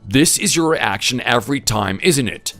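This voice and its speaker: A man's voice: mid-range voice, lively intonation, normal speed, fairly bright tone, soft background music, pitched below the performer's own voice. A man voicing an exasperated son-in-law in a voice-acted text story, speaking bluntly and scolding. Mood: angry.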